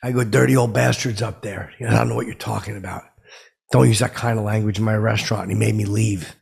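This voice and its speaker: A man playing a touchy, self-important middle-aged man who rambles indignantly in a comic monologue with a gravelly, husky voice. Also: lowish voice, steady tone, fast, darkish tone, exaggerated voice.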